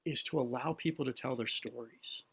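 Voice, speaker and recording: A man with a mid-range voice co-hosts a conversational podcast. He talks earnestly but haltingly, doubling back and repeating words as he works toward his point. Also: mid-range voice, sharp tone, slightly rough. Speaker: podcast co-host. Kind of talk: conversational interview.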